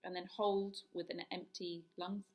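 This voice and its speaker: A woman voice coach leading a guided vocal warm-up, talking through each exercise step by step. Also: lowish voice, level tone, measured pace. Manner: demonstrates yawns, hisses, hums and sirens; instructive, step-by-step.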